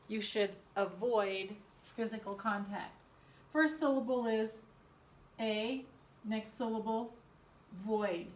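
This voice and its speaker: Slow, deliberate woman teaching spelling. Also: on the high side. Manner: slow, deliberate, sounding out syllables. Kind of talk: slow dictation of a spelling lesson. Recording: echoey room.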